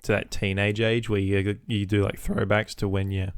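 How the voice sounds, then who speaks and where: A man's voice: on the low side, little pitch movement, moderate pace, clear, resonant tone, dry recording, clean studio sound. A young Australian man hosting a solo podcast, rambling casually and swearing freely. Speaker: podcast host.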